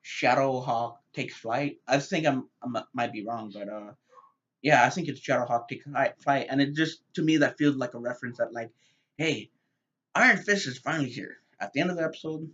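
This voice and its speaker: A man's voice: mid-range voice, fairly quick. Male reviewer, casual and rambling, stumbles over words; slightly muffled home recording. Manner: rambling, many fillers and repeated words. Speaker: TV show reviewer.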